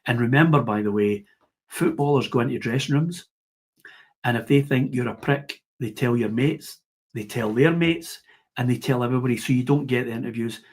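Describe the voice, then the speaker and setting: A middle-aged Scottish man, a football broadcaster, chatting as a guest in a podcast interview and telling lively stories, acting out the players he quotes. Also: medium pitch, normal speed. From Scotland. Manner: lively storyteller who acts out the players he quotes. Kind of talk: casual interview chat.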